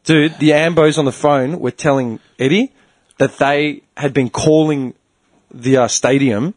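A man's voice: a little high, measured pace. A man, hosting a podcast and telling a heated story in casual chat, swearing freely and acting out what people said. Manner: animated, profane ranting storyteller, acts out quotes. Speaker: podcast host.

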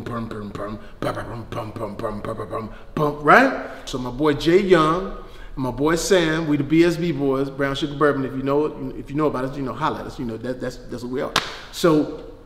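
A man talking casually to camera, telling an animated, slangy story about making a song. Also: a little high. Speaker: actor promoting a song. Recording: echoey room with long reverb.

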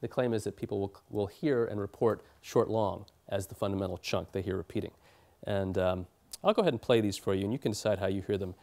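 A man's voice: fairly low pitch, fast, creaky, warm tone. Man giving an academic lecture. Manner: explanatory, with fillers and restarts. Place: lecture hall.

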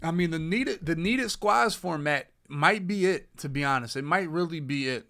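A young man talking casually on his podcast, cracking jokes and trash-talking. His voice sits a little high and sounds bright and forceful. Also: expressive, normal speed, gravelly. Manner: loose, joking trash talk. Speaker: podcast host. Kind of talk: casual chat while streaming.

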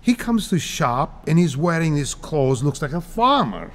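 A man in his sixties from Cyprus, telling stories as a guest in a casual interview, animated and laughing often. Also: a little high, a little slow. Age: 60s.

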